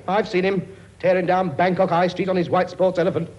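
A man's voice: sits high, steady tone, fairly quick, muffled recording, heavy background noise, close to an everyday voice. A man playing a bossy, boastful comic king in a sitcom, blustering and scolding in a chummy way. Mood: brusque. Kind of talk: sitcom acting before a laughing audience.

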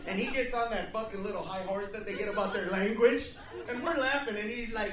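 Brash profane male stand-up comic, high voice. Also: fairly quick, background noise. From United States. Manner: brash, profane, acts out characters with shouted voices. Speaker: stand-up comedian. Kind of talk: stand-up comedy set. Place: comedy club stage, laughing audience. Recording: echoey live club recording from a distance.

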